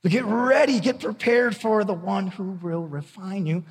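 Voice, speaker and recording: A middle-aged male pastor preaches in a high, husky voice. He talks candidly and conversationally, restarting and repeating words as he goes. His voice rings with the long reverb of a large hall. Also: moderate pace. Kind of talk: sermon.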